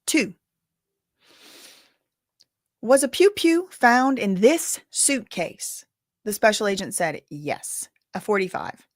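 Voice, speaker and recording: A woman's voice: mid-range voice, sing-song, slow, pauses often, no echo, clean studio sound. A woman giving casual live-stream commentary, reading news updates aloud with chatty asides, sounding tired. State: tired, yawning.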